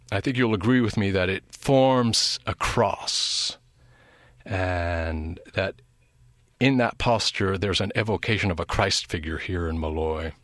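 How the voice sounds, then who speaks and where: A man giving an academic literature lecture in a measured, thoughtful way, pausing between phrases. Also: fairly low pitch, fairly bright tone, no echo, clean studio sound.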